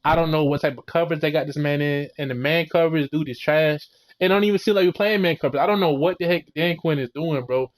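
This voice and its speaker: Young male fan ranting a game recap: fairly high voice, heated, rambling, profane. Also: fast talker. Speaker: sports fan video creator.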